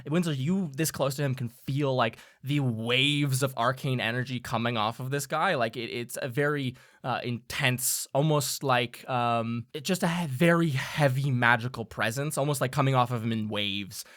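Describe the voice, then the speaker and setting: Man, game master, bright tone, relaxed, chatty. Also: medium pitch, normal speed, hardly any pauses. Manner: relaxed, chatty, laughs often. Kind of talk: narrating a tabletop game.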